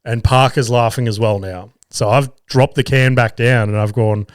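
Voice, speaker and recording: A man's voice: mid-range voice, steady tone, moderate pace, dry recording, studio quality. An Australian man hosting a podcast, telling a family story in a casual, profane, laughing way. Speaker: podcast host; father of two young boys.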